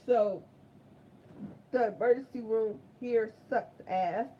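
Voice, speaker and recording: A woman vlogger telling a painful personal story in a raw, halting way, often repeating herself. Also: on the high side. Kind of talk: emotional confessional storytelling. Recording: muffled lo-fi with faint background noise.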